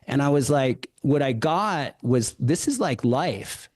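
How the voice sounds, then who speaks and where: A man's voice: mid-range voice, lively intonation, slow, darkish tone. A man, a yoga teacher hosting a podcast, tells a personal story in a reflective way, often stopping to reframe his thoughts.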